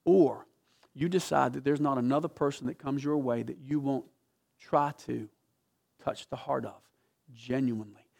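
Preacher guy, gravelly voice, gets loud then goes quiet, storytelling sermon in church. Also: mid-range voice, normal speed. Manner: passionate storytelling, swings from loud to hushed. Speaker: pastor. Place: church sanctuary.

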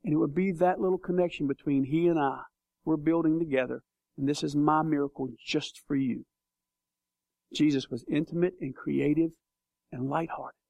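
A man preaching a sermon, telling scripture stories with animated, acted-out voices. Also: fairly high pitch, normal speed, gravelly, no room sound. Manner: animated storytelling, acts out voices. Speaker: pastor.

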